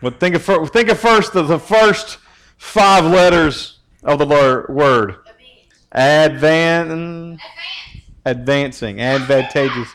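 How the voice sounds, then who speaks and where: Joking youth pastor, lilt. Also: male voice, fairly high pitch, slow, fairly bright tone. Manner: joking, teasing, asks the group questions. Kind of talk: casual youth sermon.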